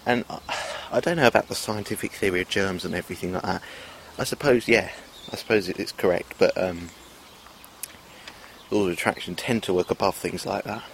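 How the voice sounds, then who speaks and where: A man with a fairly low voice rambles through a self-filmed video monologue, hesitating and restarting often. A faint hiss of background noise sits under his voice. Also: brisk, vocal fry. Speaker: vlogger.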